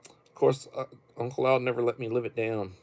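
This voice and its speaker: A man's voice: mid-range voice, flat delivery, a little fast, darkish tone. An older man hosting a casual livestream from home, rambling bluntly and cursing casually between topics. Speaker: livestream host.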